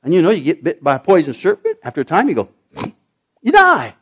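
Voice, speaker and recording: A middle-aged male pastor delivers a sermon in a high, lively voice that swoops up and down. He tells the story dramatically, breaking into shouted lines when he acts out the characters. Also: quick pace, husky.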